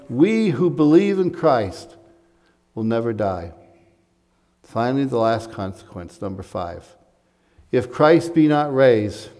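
A man's voice: mid-range voice, darkish tone. Man preaching in a reverberant church. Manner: earnest preaching with rising emphasis and asides. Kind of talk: sermon. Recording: long hall reverb.

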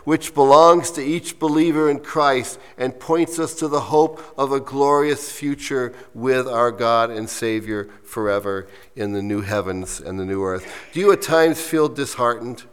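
A man preaching a sermon, his voice sitting at an ordinary middle pitch. He reads quoted lines slowly and with weight, then drops to soft explanatory asides. The sound carries a long reverb, as in a church hall. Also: smooth. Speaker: pastor.

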